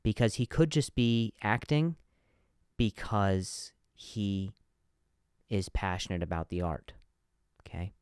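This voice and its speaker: A man's voice: lowish voice, expressive, takes it slowly, long pauses, darkish tone, clean tone, dry recording, clean studio sound. A man hosting a comedy podcast, telling stories in a monologue, with a stutter and frequent repeated words and restarts.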